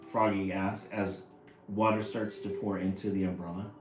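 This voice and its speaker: Male storybook reader, fairly low voice, chatty asides, echoey room. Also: moderate pace. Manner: lively, chatty asides about the pictures. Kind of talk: reading a picture book aloud with commentary. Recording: echoey room, faint music.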